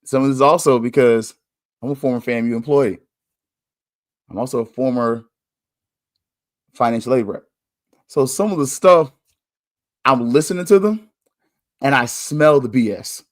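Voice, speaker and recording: A man hosting a podcast, talking candidly in a casual monologue, chatty and quick to laugh. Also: mid-range voice, dry recording, clean studio sound. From United States. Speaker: podcast host.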